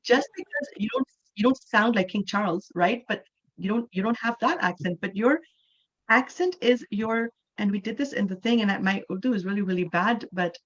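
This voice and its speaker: A woman's voice: mid-range voice, normal speed, husky, highs cut off. A woman from Canada, a native English speaker, teaching an online English class and explaining things patiently, often checking in with "right?".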